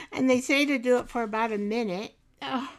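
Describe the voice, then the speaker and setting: A woman hosting a live art show, chatting casually and rambling with viewers while she paints, often breaking into laughter. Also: a little high. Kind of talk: casual live craft demo chat.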